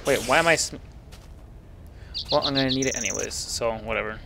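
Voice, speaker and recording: A man commentating his own gameplay, chatty and easily exasperated, sometimes yelling at enemies. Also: medium pitch, brisk, vocal fry, noisy background. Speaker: let's play gamer.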